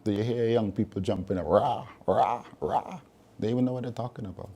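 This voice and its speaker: Emphatic male preacher, dark husky voice. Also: lowish voice, steady tone, racing. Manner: emphatic, repeats key phrases, reasons with listeners. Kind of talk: sermon.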